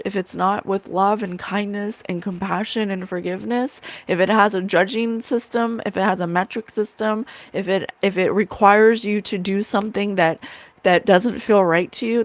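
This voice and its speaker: Woman psychic host, earnest and emphatic, mid pitch, dry close sound. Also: no echo. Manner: earnest, emphatic, repeats phrases. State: tearful at times. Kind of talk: spiritual livestream talk to a chat.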